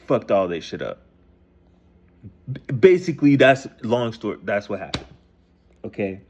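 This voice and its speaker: A man casually retelling a scripture story in loose, profane slang, reading passages aloud and then paraphrasing them. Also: on the low side. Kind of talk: casual rambling explanation.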